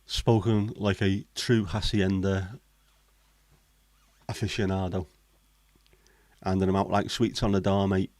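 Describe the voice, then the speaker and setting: A deep-voiced man talks casually on a livestream. His tone is blunt and cynical, full of swearing and banter. The sound is dry and close. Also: flat delivery, slow pace, pauses often, a little mellow, dry recording. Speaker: livestream host. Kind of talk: casual chat.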